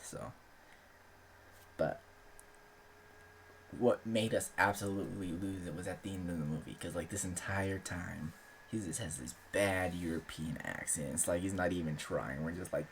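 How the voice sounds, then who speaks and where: A young man with a deep, gravelly voice talks casually as the host of his own channel. His speech is loose and rambling, peppered with filler words and the odd swear. His pitch swings widely, rising and dropping as he goes. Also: slight background noise. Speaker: aspiring author and channel host. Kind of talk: casual chat.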